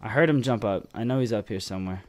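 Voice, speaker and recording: A young man giving casual, excitable commentary over a shooter game, cursing freely and tagging "man" onto his lines. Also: fairly low pitch, fast. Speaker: gameplay commentator.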